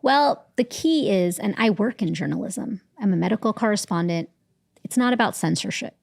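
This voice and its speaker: A woman who is a medical correspondent and author, explaining the science clearly and calmly in an interview. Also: mid-range voice, normal speed, no room sound, clean studio sound. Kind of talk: expert interview answers.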